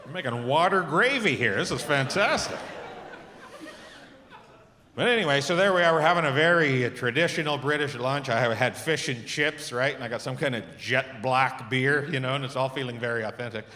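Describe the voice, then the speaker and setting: A middle-aged man performing a stand-up comedy set on stage, telling animated stories and acting out the voices he quotes. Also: medium pitch, brisk, a little hiss or hum. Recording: reverberant club with audience laughter.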